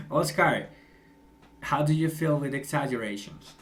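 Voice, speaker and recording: Young male English teacher, encouraging and chatty, slightly raised pitch. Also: lively intonation, a little slow. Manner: encouraging, chatty, laughs often. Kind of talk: online class feedback.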